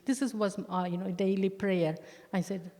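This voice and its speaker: A woman giving a personal testimony in church, talking earnestly and haltingly, with many restarts and with slow stress on key words. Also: medium pitch, fairly even intonation, dark tone. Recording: long church-hall reverb.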